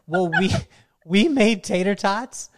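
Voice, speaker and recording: Male podcast host, casual, animated storyteller who laughs often. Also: high voice, takes it slowly. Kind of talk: casual chat.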